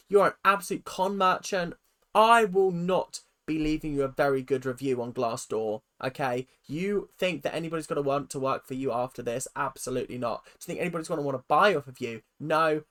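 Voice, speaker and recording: A woman with a British accent hosting a reaction video, ranting in an animated, sarcastic and exasperated way. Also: low voice, brisk.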